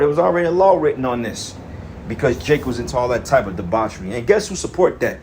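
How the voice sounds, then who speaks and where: A man's voice: medium pitch, animated, fast talker, a little mellow, slight background noise. A man preaching in an angry, profane rant, reading scripture verses and then commenting on them. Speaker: street preacher.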